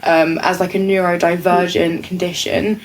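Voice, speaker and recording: A young woman, co-hosting a podcast in rambling casual chat, full of "like" and quick laughs. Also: fairly low pitch, level tone, a little hiss or hum, rough recording. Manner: rambling, lots of "like", laughs often. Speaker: podcast co-host.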